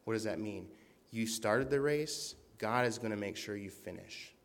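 A man's voice: on the low side, normal speed, big-room sound. A man preaching a sermon in an earnest, conversational way, reading scripture aloud with emphasis.

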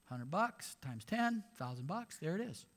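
A man's voice: fairly high pitch, very animated, unhurried. A man, a pastor, preaching a sermon in a conversational way, with sarcastic asides.

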